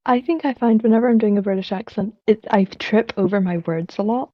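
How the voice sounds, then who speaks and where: A hoarse woman with an Irish accent chats casually over voice chat, mostly answering in short bits and laughing easily. Her voice comes through a dull, lo-fi line with little high end. It sounds dry, with no room around it. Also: brisk, no echo. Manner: brief replies, laughs easily. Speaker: voice actor guest in voice chat.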